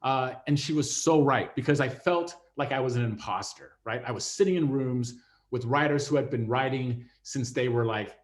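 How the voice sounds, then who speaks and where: A man's voice: mid-range voice, normal speed. A middle-aged man, a TV writer, telling a personal story with many fillers and restarts. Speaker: TV writer and former network executive.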